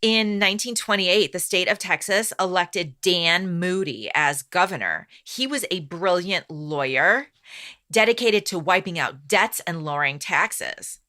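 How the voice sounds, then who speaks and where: On the low side but bright and animated, a South Side Chicago woman tells history on a casual podcast. She reads from her notes and stays brisk and teasing toward her co-host.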